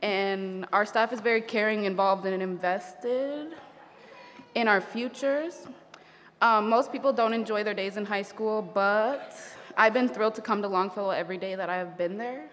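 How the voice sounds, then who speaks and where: A young woman, a graduating student, reading her speech casually, a little halting, with light laughs. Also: medium pitch, fairly bright tone. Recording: reverberant hall with faint noise.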